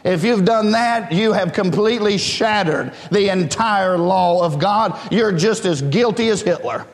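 A male pastor delivers a fervent sermon in a high, ringing voice. He calls out to the congregation and builds toward passionate peaks. His voice carries a long reverb through the church hall. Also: a little slow. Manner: fervent, preaching in a rising call-and-response style. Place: church sanctuary.

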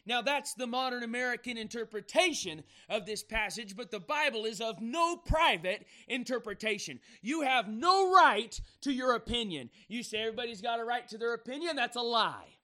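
High-voiced, fiery man preaching. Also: lively intonation, a little fast, hardly any pauses. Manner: fiery, emphatic preaching that rises to shouts. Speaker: evangelist preacher. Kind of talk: sermon.

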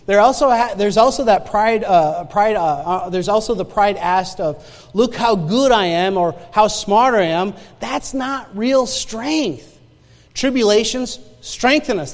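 High-voiced pastor in a reverberant hall. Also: male voice. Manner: conversational storytelling, often restarts and repeats words; asks the congregation direct questions. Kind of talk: sermon.

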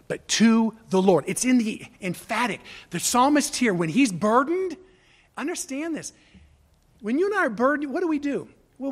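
A middle-aged male pastor delivering a sermon, building emphasis through repeated phrases and rising intensity. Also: high-pitched. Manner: preaching with swelling emphasis and repetition.

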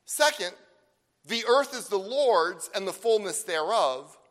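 A man preaching a sermon, emphatic, with slow stressed phrases and rhetorical questions. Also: high voice, expressive, a bit bright. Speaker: pastor. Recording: long hall reverb.

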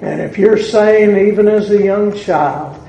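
A man with a Southern US accent preaching a sermon to a congregation in a church, deliberate and building to emphatic peaks. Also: sits high, vocal fry, mellow, a little hiss or hum. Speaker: pastor. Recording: echoey church room with faint ambience.

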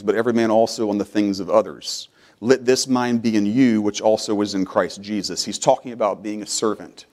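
A middle-aged man preaching a sermon as pastor in a church, moving from low, quiet explanation to loud, rising preaching. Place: church sanctuary.

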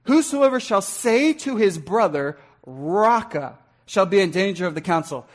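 A man with a notably high voice preaches to his congregation from the pulpit. He speaks earnestly and directly, dropping into low mutters to act out angry words under the breath. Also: expressive, a little slow. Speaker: pastor. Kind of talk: sermon. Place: church sanctuary.

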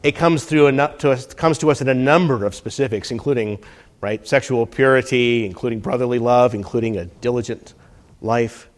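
A man's voice: medium pitch, fairly quick. Emphatic man preaching a sermon. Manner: swings from hushed to emphatic, repeats key phrases.

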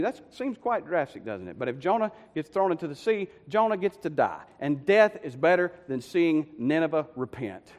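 A man preaching a sermon, telling the story with lively, conversational asides to the congregation. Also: on the high side, moderate pace, hardly any pauses. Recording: long hall reverb.

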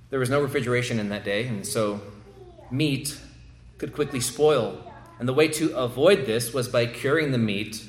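A male pastor preaches in a mid-range voice, pressing his points with emphasis and repeating words as he builds. The sound carries the echo of a large room. A faint ambient hum sits underneath. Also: medium pitch. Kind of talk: sermon.

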